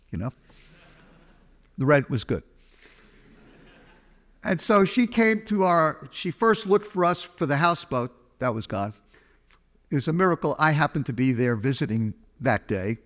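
A man giving a chatty, humorous personal testimony, telling a story to an audience. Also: mid-range voice. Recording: long hall reverb.

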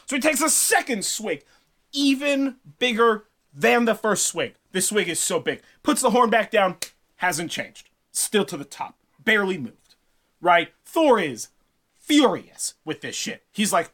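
Brief: male podcast host, casual myth retelling, slangy, lively pitch. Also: a little slow. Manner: slangy, laughing, animated. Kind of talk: casual storytelling.

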